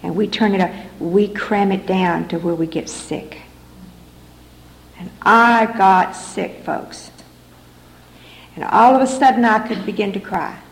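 A woman's voice: medium pitch, steady tone, measured pace, long pauses. A middle-aged woman giving earnest, repetitive personal testimony as a speaker at a recovery meeting in a hall. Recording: echoey room recording, faint background noise.

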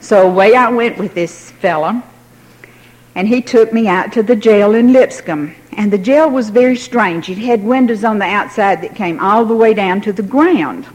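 A woman's voice: medium pitch, moderate pace, darkish tone, low-quality recording. An older woman telling a personal story in a wry, self-mocking way, laughing now and then.

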